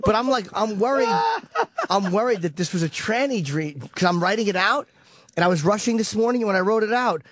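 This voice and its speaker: A man with a fairly high voice tells a rambling, profane story on a talk radio show. The studio sound is bone-dry, close on the mic with no room around him. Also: lively intonation, fairly quick, fairly bright tone, dry recording. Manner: profane, rambling, vivid retelling.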